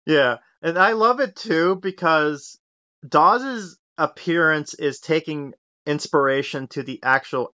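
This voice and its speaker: A man's voice: medium pitch, sharp tone, dry recording, dull audio. Enthusiastic rambling male podcast host. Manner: rambling, enthusiastic, lots of fillers. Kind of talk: casual podcast chat.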